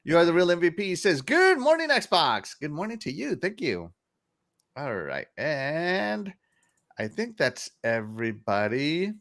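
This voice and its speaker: A man's voice: fairly high pitch, very animated, measured pace. A man hosting a casual livestream podcast, chatty and upbeat, laughing often as he greets viewers. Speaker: podcast host.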